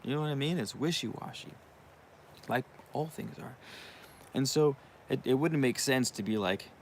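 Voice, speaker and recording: A man's voice: mid-range voice, normal speed, slight background noise. A young man hosting his own channel, talking in a rambling, casual monologue with frequent swearing and asides. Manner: profane, rambling, uses you know what I mean often. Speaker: channel host.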